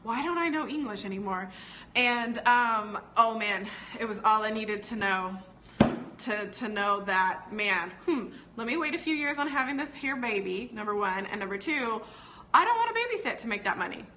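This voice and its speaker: Chatty, bright-voiced woman. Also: mid-range voice, moderate pace, a little hiss or hum. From United States. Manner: chatty and digressive, often laughing, answers live comments. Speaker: business educator hosting a live stream. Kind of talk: casual live-stream teaching chat.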